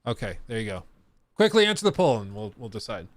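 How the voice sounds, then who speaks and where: A man's voice: lowish voice, big pitch swings, fast talker, no room sound. A young man hosting a casual live stream, chatting with his viewers and laughing often. He breaks down technical details as he reacts. His voice is recorded close and dry, with no room sound.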